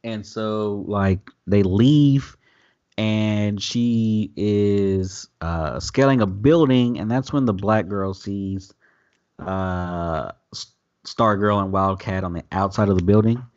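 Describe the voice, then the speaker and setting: A man's voice: lowish voice, slow, no room sound, muffled recording. A man recapping a TV episode in loose, profane casual chat. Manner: loose, profane, animated retelling with quoted voices. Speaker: podcast host recapping an episode.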